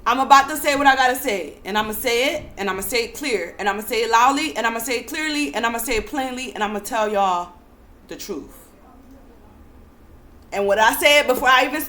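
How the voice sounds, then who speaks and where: A young American woman giving an emphatic, repetitive monologue to camera, often building to near-yelling. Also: high-pitched, lively intonation, a little fast. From United States. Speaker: spiritual vlogger.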